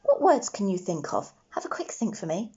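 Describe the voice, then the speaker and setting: A woman's voice: mid-range voice, very animated, moderate pace, mellow, dull audio. A woman teaching a phonics lesson to young children, patient and encouraging, sounding out each letter. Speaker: primary school teacher.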